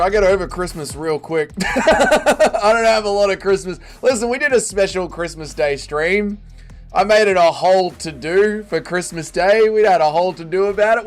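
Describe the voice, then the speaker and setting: A man's voice: sits high, normal speed. A man hosting a casual livestream, greeting chat and joking around. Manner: banters with chat, jokey and animated. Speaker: livestream host. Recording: faint music behind.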